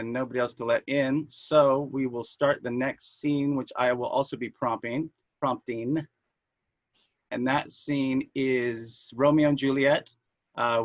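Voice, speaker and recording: A man hosting and prompting an online play reading, talking in a relaxed, hesitant way. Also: medium pitch, no echo. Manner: relaxed, unhurried, hesitant with fillers. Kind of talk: casual introductions. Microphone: video call microphone. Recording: dull lo-fi video call audio.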